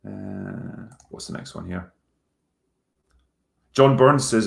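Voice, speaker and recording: Low-voiced Scottish man chatting casually. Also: slow, vocal fry. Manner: relaxed, rambling, frequent ums, swears casually. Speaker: YouTube film critic and host. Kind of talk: casual livestream Q&A.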